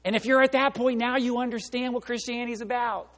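A male pastor delivering a sermon, animated and conversational, acting out quotes and voices as he goes. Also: very high voice, quick pace. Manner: animated, acts out voices and quotes, laughs along. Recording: long reverb of a large hall.

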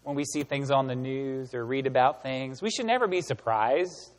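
A man giving a sermon as pastor, animated and emphatic, asking the room rhetorical questions. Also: medium pitch, moderate pace, long reverb tail. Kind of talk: sermon teaching.

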